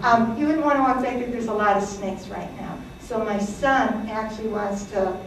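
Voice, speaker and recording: A woman's voice: mid-range voice, normal speed, background noise. A woman in her sixties, born in Greece, giving a chatty talk to an audience, with many fillers and laughs. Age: 60s. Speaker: presenter. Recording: echoey hall from far off.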